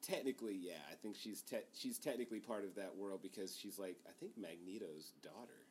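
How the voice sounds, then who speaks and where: Brief: low-voiced man, relaxed podcast co-host, faint hiss behind. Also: a little fast. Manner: laid-back, lots of "like" fillers. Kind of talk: casual chat.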